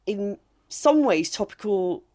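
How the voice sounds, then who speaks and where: A woman comedian, a guest on a podcast, talking in a casual, emphatic and animated way. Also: medium pitch, takes it slowly. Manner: emphatic, animated storytelling with laughs.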